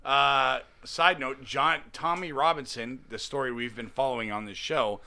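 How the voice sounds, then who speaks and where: A tipsy man in his forties hosts a loose, joking podcast chat. His voice is very bright and cutting, at an ordinary middle pitch. He stumbles through news items with fillers. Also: fairly even intonation. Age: 40s. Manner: loose, joking, reads news aloud haltingly. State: tipsy from drinking. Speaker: podcast host. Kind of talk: casual comedy podcast chat.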